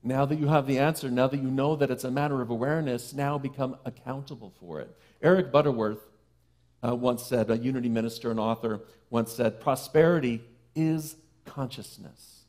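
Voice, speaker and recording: A man preaching a sermon to a congregation in a conversational way, with playful asides, who slows and softens for key phrases. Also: mid-range voice, steady tone. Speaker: minister. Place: church sanctuary.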